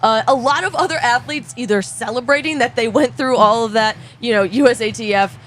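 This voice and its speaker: A woman giving measured, casual analysis of a race. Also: fairly high pitch, fairly bright tone. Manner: measured, analytical, laughs along. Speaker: track and field commentator.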